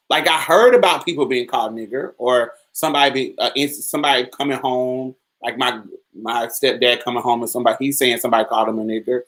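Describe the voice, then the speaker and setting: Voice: mid-range voice, a bit bright, rough recording. Candid podcast host telling stories. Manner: candid, storytelling, loose and colloquial. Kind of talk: casual podcast monologue answering chat.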